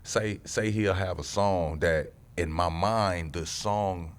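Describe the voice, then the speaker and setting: Deep-voiced joking podcast co-host. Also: male voice, takes it slowly. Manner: animated, slangy, joking. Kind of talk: casual podcast conversation.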